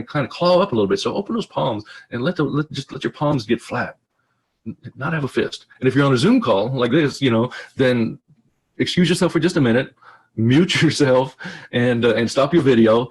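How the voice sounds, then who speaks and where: A man speaks in a husky, medium-pitched voice, presenting a workshop over a video call. He talks conversationally, often repeating a word before carrying on. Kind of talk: webinar presentation.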